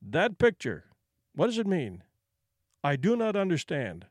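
A man's voice: on the high side, wildly swooping pitch, measured pace, no echo, exaggerated voice. A man voicing a grave, plain-spoken male wilderness guide who talks in terse, simple, broken phrases, in a dry recording. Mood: grave puzzlement.

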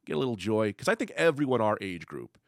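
A man hosting a casual podcast chat, telling rambling stories in an animated way on a studio microphone. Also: on the low side, fast, no room sound. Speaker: podcast host.

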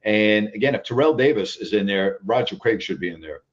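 A man's voice: on the low side, animated, a little fast, lo-fi sound. A man hosting a call-in sports talk show, talking emphatically, often repeating himself and checking in with "all right?".

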